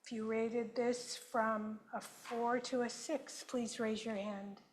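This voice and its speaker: A woman presenter at a conference, leading the audience through a guided group exercise in measured phrases they repeat after her. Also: on the high side, little pitch movement, slight background noise, poor audio. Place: conference session room.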